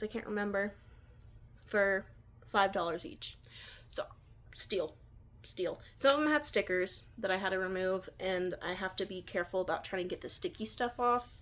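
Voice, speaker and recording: Young woman, casual book-vlog host, rambling, full of fillers, recorded at home on a phone. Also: mid-range voice. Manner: rambling, filler-heavy, chatty. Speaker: book vlogger. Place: at home by her bookshelf.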